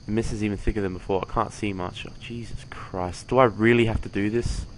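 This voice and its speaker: A man's voice: on the low side, fairly even intonation, fairly quick, slight background noise. A young man giving casual, sweary commentary while playing a horror game. He reads the game's dialogue aloud and makes sarcastic jabs at the characters. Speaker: let's play gamer.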